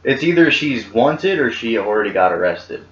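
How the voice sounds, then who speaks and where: A man's voice: medium pitch, sing-song, moderate pace, fairly bright tone, slight background noise. A man co-hosting a casual podcast chat in a laid-back, agreeable way. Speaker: podcast co-host. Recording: echoey, dull lo-fi room.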